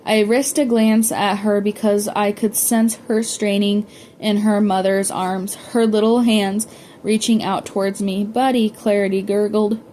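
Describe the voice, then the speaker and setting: A woman's voice: medium pitch, flat delivery, a little slow, dark tone, slight background noise. A woman reading a novel aloud, often stumbling and correcting herself as she goes. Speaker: audiobook reader.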